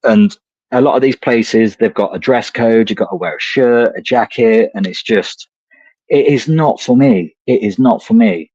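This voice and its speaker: A man's voice: mid-range voice, expressive, normal speed, darkish tone, no room sound, dull audio. A man co-hosting a podcast, telling rambling anecdotes in casual chat and swearing freely. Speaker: podcast co-host. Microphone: remote streaming call.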